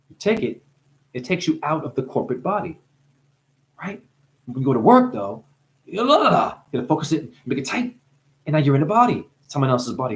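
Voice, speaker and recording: A man who is high, talking in a rambling, profane monologue. His voice swings from low mumbling to sudden high exclamations. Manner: profane, playful. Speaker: spiritual video maker.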